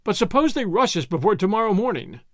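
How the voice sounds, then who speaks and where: A man's voice: high-pitched, huge pitch swings, moderate pace, no room sound, studio quality, exaggerated voice. A man voicing a petulant, fussy man who complains and scolds.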